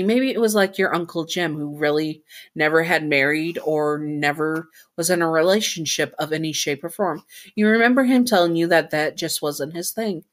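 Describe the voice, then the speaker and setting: Low-voiced woman telling a fanfic story, chatty, lots of little asides. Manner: chatty, self-correcting asides. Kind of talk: casual fan-fiction narration.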